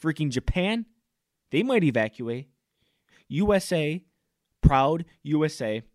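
A man's voice: fairly high pitch, very animated, slow, dry recording. Fired-up man ranting in a dry room. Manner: loud, fired-up, mock-pompous. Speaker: podcast host. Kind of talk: comic ranting monologue.

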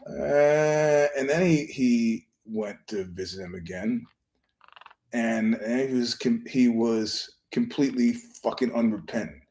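A man's voice: mid-range voice, takes it slowly, warm tone. A man hosting his own podcast, telling stories in a meandering, profane way and keeping his voice down. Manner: profane, meandering storyteller with frequent restarts; keeps his voice down so he won't disturb a filming nearby. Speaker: podcast host. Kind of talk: casual rambling monologue.

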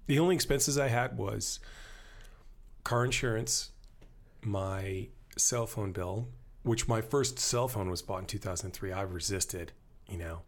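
A man talking in a casual podcast conversation, animated and rambling, joking as he tells stories. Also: lowish voice, a little slow. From born in Germany to American parents. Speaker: podcast guest.

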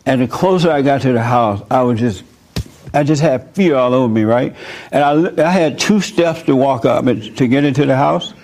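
Speaking at medium pitch and normal speed, with a slightly mellow voice, a man preaches informally. He takes listener questions, tells personal stories, and chuckles frequently as he goes.

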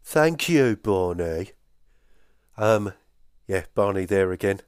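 A man's voice: sits low, lively intonation, slow, a little mellow, smooth, dry recording, clean studio sound. A man hosting a podcast, chatting casually and hesitantly as he answers listener voice messages, poking fun at himself. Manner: hesitant and self-deprecating, with many fillers. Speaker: podcast host.

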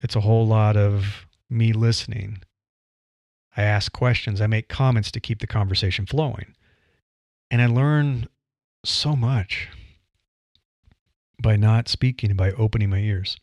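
A man hosting a solo podcast, coaching listeners in a casual conversational way with changing pace and pauses. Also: on the low side, fairly even intonation, a little mellow, no echo. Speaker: podcast host. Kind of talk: solo podcast advice monologue.

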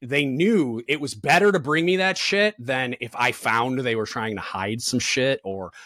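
A man's voice: medium pitch, a little slow, fairly bright tone, dry recording. A man in his thirties, a podcast guest, telling work stories in casual chat with lots of fillers and swearing. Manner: blunt, profane, storytelling with lots of fillers.

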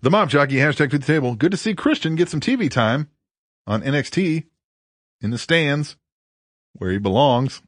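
A man co-hosting a podcast, talking crude and loose and laughing often. His pitch swings widely as he reads tweets and retells stories. The sound is dry and close. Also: expressive, moderate pace, pauses often, no room sound. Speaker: podcast co-host. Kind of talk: casual podcast chat.

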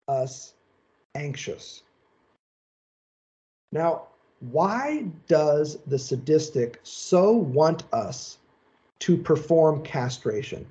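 A man delivers a seminar lecture, explaining each point in a measured, emphatic way. His voice sits a little high yet sounds mellow and dark. The recording is dull and lo-fi. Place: lecture session.

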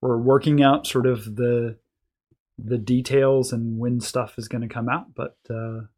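Relaxed man hosting a faith podcast. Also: medium pitch, unhurried. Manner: relaxed, many fillers and restarts. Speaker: podcast host and pastor. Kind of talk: casual chat.

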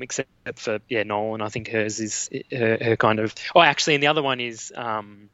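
An Australian man with a bright, forceful voice talks about films in a halting, casual way, full of ums and restarts. The sound is dry and a bit dull. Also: mid-range voice, no room sound. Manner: hesitant, many fillers and restarts. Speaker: guest. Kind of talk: casual film discussion.

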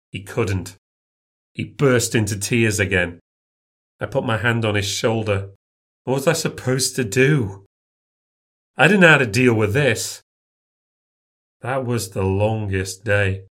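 A man reading a first-person ghost story in a measured, tense manner. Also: lowish voice, a bit bright.

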